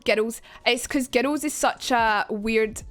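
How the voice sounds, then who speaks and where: A woman's voice: a little high, moderate pace, a bit bright, faint music behind. A young Scottish woman on a casual live stream, chatting and swearing freely as she talks to her chat about accents.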